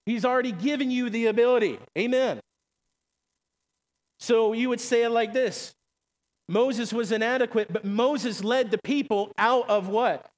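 A man preaches with a high, ringing voice, urging his congregation with repeated calls and questions. His sermon carries a long reverb through a church sanctuary, with soft music under it. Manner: fervent preaching with repeated "come on" and call-and-response questions. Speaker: pastor.

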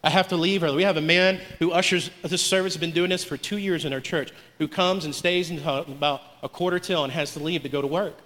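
A man's voice: on the high side, brisk, hardly any pauses, a bit bright. A male pastor preaching a sermon in a church, calling out to the congregation and acting out the voices he quotes. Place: church sanctuary. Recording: long hall reverb.

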